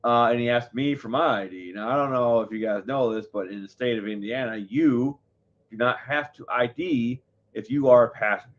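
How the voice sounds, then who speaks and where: A man's voice: mid-range voice, normal speed. Guy ranting to his viewers, swears a ton, rambly, kinda dull lo-fi sound. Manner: heated, profane, rambling. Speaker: live show host. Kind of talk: casual storytelling to viewers. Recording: dull lo-fi audio.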